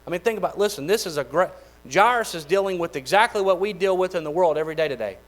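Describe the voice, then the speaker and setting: A man with a drawl preaches in a folksy, animated manner, going back over his phrases and talking straight to the congregation. His voice sits a bit high for a man. A faint electrical hum runs under the recording. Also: fast talker, poor audio. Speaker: pastor. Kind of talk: sermon.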